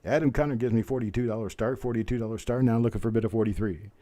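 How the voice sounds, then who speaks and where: A man's voice: medium pitch, steady tone, mellow. A man hosting a live coin auction, rattling off bid calls between folksy, easygoing chatter. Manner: rapid bid-calling chant mixed with folksy chatter. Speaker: auctioneer host. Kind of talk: live online auction calling.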